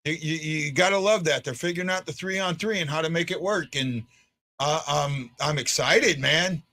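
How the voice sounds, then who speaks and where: A man hosting a fan post-game show in casual chat, stammering and restarting his words and swinging from stunned to excited. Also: on the high side, moderate pace.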